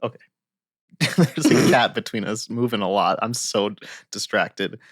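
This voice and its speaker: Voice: mid-range voice, measured pace, no room sound, studio quality. A young podcast co-host in casual comedic chat, giggly and sarcastic, reading reviews aloud.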